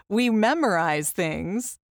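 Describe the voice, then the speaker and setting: A woman's voice: mid-range voice, dry recording, studio quality. A woman hosting a podcast interview, chatting in an agreeable way with many short affirmations. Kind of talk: casual interview talk.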